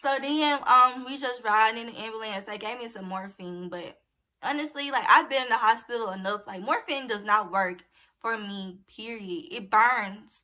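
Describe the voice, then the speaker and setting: Young adult woman vlogger, bright and tense tone, chatty storyteller who performs every quote. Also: a little high, moderate pace. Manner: animated, acts out quoted dialogue. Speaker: vlogger telling a personal story. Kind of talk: casual storytime chat.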